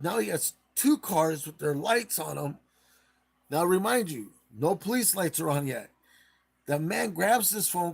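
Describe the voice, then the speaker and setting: A man's voice: on the high side, creaky, breathy edge. A man hosting a live stream, casually retelling a case in a rambling way and acting out the quotes.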